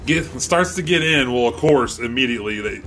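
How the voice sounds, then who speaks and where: A man's voice: mid-range voice, a little fast, soft background music. A man casually telling a story with lots of swearing, acting out the voices of the people in it. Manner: profane, animated, acts out quotes.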